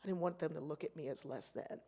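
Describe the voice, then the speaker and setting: Telling stories with animation, a woman gives a keynote address and voices the people in them herself. Her delivery is low-pitched and fast, with a breathy edge. She is recorded in an echoey, large convention hall.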